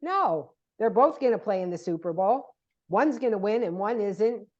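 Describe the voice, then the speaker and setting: A woman's voice: medium pitch, animated, moderate pace. An older woman talking as a guest in a casual podcast chat, telling stories emphatically and acting out what other people said. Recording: dull lo-fi sound.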